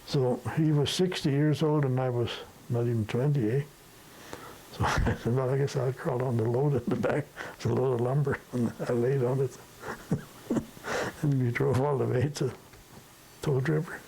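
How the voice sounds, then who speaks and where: A man's voice: mid-range voice, fairly even intonation, moderate pace, creaky, dark tone, slight background noise, rough recording. An older man from the Sudetenland reminiscing in a rambling storytelling way, tacking questions onto his sentences. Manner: rambling, peppered with tag questions. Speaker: interviewee.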